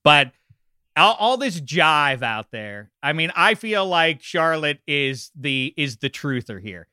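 A man co-hosting a casual sports talk show, animated and opinionated, full of asides. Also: on the high side, takes it slowly, clear, resonant tone, no room sound, clean studio sound.

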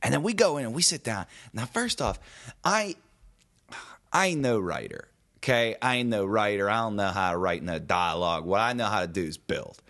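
This podcast co-host has a lowish voice that's a bit bright, with lively intonation and normal speed. He rambles casually about a film he disliked, griping in relaxed, everyday language.

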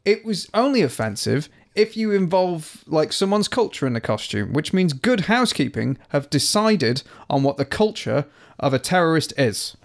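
A man co-hosting a casual podcast chat who pushes back with incredulous, argumentative questions. His voice is a little high and swings widely in pitch. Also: big pitch swings, normal speed, gravelly, few pauses. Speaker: podcast co-host.

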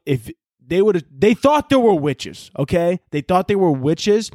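A man's voice: on the high side, no echo, studio quality. Rambling, crude-talking male podcast host. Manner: crude, rambling, jumps into loud shouted bits. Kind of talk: casual comedic monologue.

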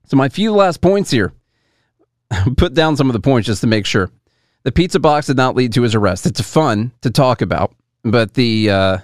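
A man's voice: mid-range voice, no room sound, clean studio sound. A man hosting a casual commentary show, musing aloud and hedging as he talks to his viewers and answers chat. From United States.

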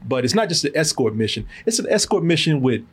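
A man with a slightly husky, fairly high voice talks through a film review in a loose, joking way. His pitch swings widely as he riffs and laughs with his co-host. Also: fast talker. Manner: animated, joking, laughs often. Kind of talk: casual movie review chat.

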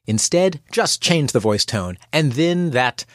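Wry, animated man narrating dryly. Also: on the high side, slow, no room sound, studio quality. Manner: wry, playful, acts out quoted voices. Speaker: executive coach and host. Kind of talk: scripted podcast narration.

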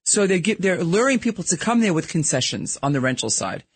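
A middle-aged man with a Brooklyn accent, talking as a radio guest in a frank, emphatic, chatty manner. His voice sits a bit high for a man and has a husky grain. The sound is dry and close. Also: sing-song, brisk, no echo. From New York. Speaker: guest, real estate podcaster. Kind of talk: casual radio interview chat. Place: radio studio.

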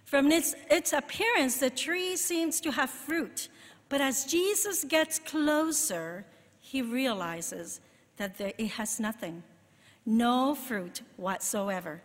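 A woman preaching a sermon in an expressive way, rising for emphasis and dropping to soft asides. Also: sits high, slow, long reverb tail.

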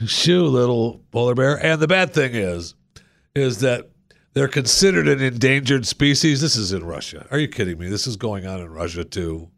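A man's voice: mid-range voice, animated, moderate pace, a bit bright, no room sound, studio quality. A man hosting a radio talk show, chatting casually and jokingly and often repeating himself.

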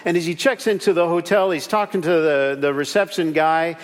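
Pastor, male, high-pitched, animated sermon delivery with repeated refrains, long hall reverb. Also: fairly quick. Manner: animated, repeats key phrases, acts out little stories.

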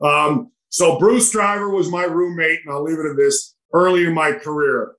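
Older retired hockey guy rambling through road stories, animated, slightly high voice. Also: normal speed, few pauses, low-quality recording. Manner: animated, rambling anecdotes with quoted dialogue. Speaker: retired hockey player, guest. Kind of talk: storytelling in a podcast interview.

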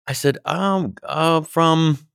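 Gravelly, profane male comedian telling a story. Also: fairly high pitch, takes it slowly, no echo, studio quality. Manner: animated, profane, acts out quotes. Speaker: comedian guest. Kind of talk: storytelling anecdote.

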